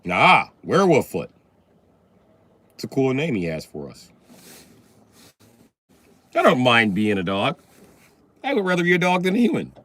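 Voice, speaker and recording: Male streamer, deadpan sarcasm, swearing, pitch swinging widely; casual live chat. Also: normal speed, pauses often. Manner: sarcastic, profane, mock-serious. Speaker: livestreamer.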